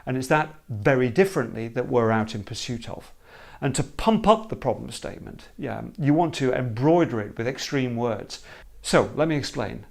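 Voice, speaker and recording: Gravelly emphatic male workshop speaker. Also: mid-range voice. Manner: emphatic, animated, acts out hesitant problem owners. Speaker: creative problem solving consultant. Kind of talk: explanatory talk.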